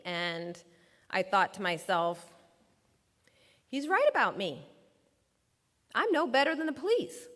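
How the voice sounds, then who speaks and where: A woman with a fairly high voice tells a personal story from her legal work to an audience. She acts out the lines of the people in her story with vivid energy. Her voice rings with the long reverb of a large hall. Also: fairly bright tone. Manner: vivid storyteller who acts out quoted dialogue. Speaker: speaker recounting her time as a lawyer. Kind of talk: storytelling public talk.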